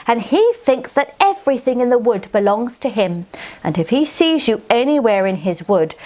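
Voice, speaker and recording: A woman's voice: fairly high pitch, a little mellow. A woman voicing a stern fairy mum. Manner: firm, warning. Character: stern, protective fairy mother.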